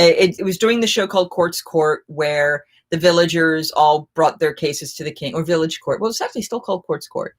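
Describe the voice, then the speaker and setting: A middle-aged woman, a festival performer, hosting a live chat and telling lively anecdotes in a casual way, often getting suddenly louder. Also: deep voice. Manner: animated, with sudden jumps in loudness.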